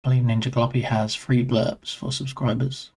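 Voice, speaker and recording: A man's voice: mid-range voice, flat delivery, normal speed, creaky, a little mellow. A man streaming live and chatting casually with his viewers in a rambling way, greeting them by name.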